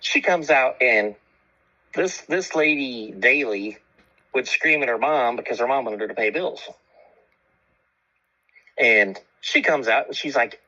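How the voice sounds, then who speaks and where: A man hosting a radio show, telling a story in casual chat. He is animated and profane and acts out both sides of an argument in raised voices. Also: medium pitch, a little slow, long pauses, lo-fi sound.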